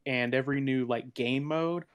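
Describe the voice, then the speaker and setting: A man's voice: medium pitch, moderate pace, smooth. A man talking casually on a gaming podcast. He restarts his sentences often and laughs between points. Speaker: podcast panelist.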